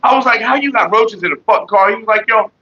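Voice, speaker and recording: Man, livestream host, husky bright voice, profane animated storytelling, lo-fi home stream audio. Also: high voice, fast talker. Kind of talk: casual profane storytelling to viewers.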